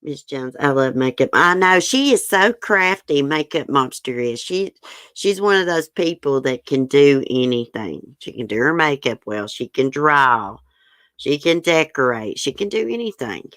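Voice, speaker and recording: A woman's voice: rumbling low, very animated, measured pace, a bit bright, no room sound. A woman hosting a livestream, chatting frankly and opinionated as she reads news and answers viewer comments. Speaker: livestream host. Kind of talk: casual chat reading news and viewer comments.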